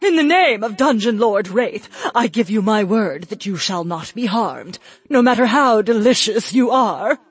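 A man's voice: high-pitched, lively intonation, unhurried, hardly any pauses, husky, voice pushed up, full character voice. A man voicing a giant, imperious female spider empress who talks in a haughty, menacing way in an audiobook. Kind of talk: audiobook character voice.

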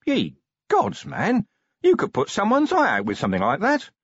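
A man voicing a gruff, weary middle-aged police commander who talks bluntly and grumpily in an audiobook. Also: medium pitch, sing-song, moderate pace, fairly bright tone, no echo, lo-fi sound, voice pushed up. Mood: grumpy.

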